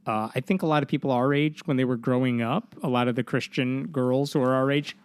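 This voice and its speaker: A man's voice: mid-range voice, fairly even intonation, brisk, smooth, dry recording. A man in his young adult years talks through stories on a podcast, his mid-range voice loose and rambling, stopping and restarting as he goes. The mic is close and dry, with no room sound around him. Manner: rambling, many fillers and restarts. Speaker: podcast co-host. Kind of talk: casual podcast chat.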